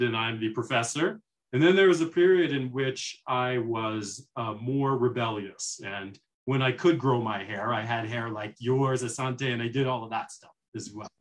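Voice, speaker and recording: A man speaking as a poet on a panel discussion over a video call, measured and articulate with quick asides. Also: medium pitch.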